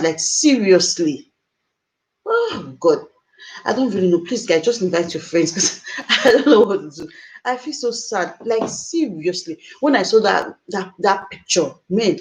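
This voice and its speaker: A woman's voice: fairly low pitch, low-quality recording. A woman hosting a live stream, talking to viewers in a distressed, emotional, exclaiming way. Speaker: livestream host.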